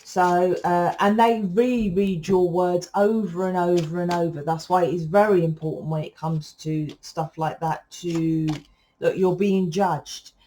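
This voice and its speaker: Loud rambling woman tarot reader. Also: lowish voice, steady tone, a little slow, slight background noise. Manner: loud, rambling, self-correcting. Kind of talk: casual spiritual monologue to viewers.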